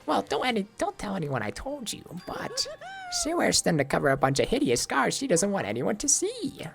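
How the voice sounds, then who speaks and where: A man's voice: high voice, huge pitch swings, normal speed, creaky, soft background music, voice pushed up, exaggerated voice. A man voicing a gleeful, mischievous male robot bear in a sing-song, gossipy way while reading game dialogue. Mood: teasing. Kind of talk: amateur game voice-over.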